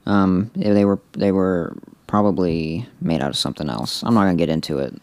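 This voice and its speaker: A man co-hosting a podcast, reading a story aloud in a deadpan way with joking asides. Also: deep voice, fairly quick, dry recording. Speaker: podcast co-host.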